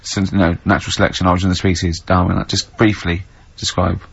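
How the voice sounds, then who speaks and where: A man's voice: deep voice, flat delivery, quick pace, creaky, breathy edge, lo-fi sound. A man hosting a casual radio show, teasing and laughing as he talks, hungover. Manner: teasing, laughs often, mock-exasperated.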